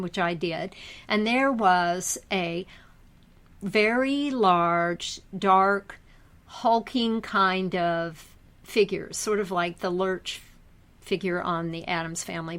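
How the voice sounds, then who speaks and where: A woman co-hosting a podcast, a hypnotherapist telling stories from her own sessions in a measured, reflective way. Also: mid-range voice, fairly bright tone. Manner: thoughtful storyteller, measured and reflective. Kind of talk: casual podcast chat.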